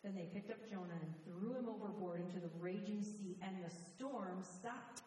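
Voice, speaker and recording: A woman reading scripture aloud to a congregation with clear, measured delivery. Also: medium pitch, mellow, a little hiss or hum. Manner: clear, measured reading with dramatic emphasis on quotes. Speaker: scripture reader. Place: church sanctuary. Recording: echoey hall from far off.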